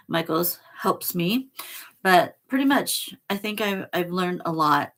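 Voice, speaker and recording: A middle-aged woman hosting a spiritual vlog, talking softly and slowly with emotional pauses. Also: on the low side, lively intonation. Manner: slow, soft and emotional, reads aloud with pauses. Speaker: channel host reading oracle cards.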